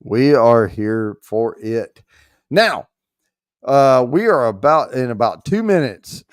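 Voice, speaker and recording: Man, livestream host, casual joking, slow drawl, dry close sound. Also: medium pitch, expressive, clear, resonant tone, no room sound. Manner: joking, loose, swears mildly while fumbling with the screen. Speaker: show host running a prize giveaway.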